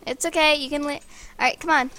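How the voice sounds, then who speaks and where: A woman's voice: high voice, fairly even intonation, a little fast, bright, forceful tone. A woman improvising a story while she plays a video game, bossy and easily sidetracked, often stopping to scold someone. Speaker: narrator and player. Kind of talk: improvised story narration over gameplay.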